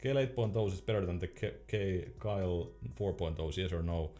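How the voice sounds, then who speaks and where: A man's voice: low voice, moderate pace, mellow. A young man streaming casually, reading chat questions aloud in a laid-back way and laughing often.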